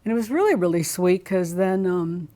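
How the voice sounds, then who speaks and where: A middle-aged woman appears as an interview guest, animatedly and expressively recounting a personal story and acting out how she reacted. Her voice sits lowish and her speed is normal.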